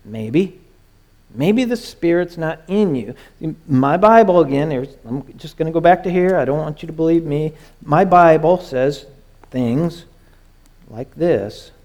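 A man preaching a sermon, moving between hushed, soft lines and raised, urgent pleading. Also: fairly high pitch, expressive, a little slow. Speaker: pastor.

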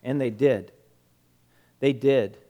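A male preacher retelling a story in a sermon, emphatic, repeating words and dropping quiet. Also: mid-range voice, slow pace.

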